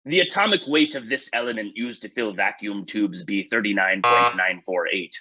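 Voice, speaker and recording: A man's voice: on the low side, normal speed, bright, forceful tone, a little hiss or hum. Man doing a half-hearted pirate quizmaster. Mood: mock-piratey. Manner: reads clues in pirate grammar, says "be" instead of "is". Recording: dull lo-fi dry sound.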